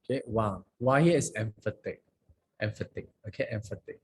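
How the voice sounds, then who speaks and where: A man, a Buddhist monk, teaching a lesson on a scripture language, reciting verses slowly and often checking in with "okay?" and "huh?". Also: on the low side, a little mellow, slightly rough.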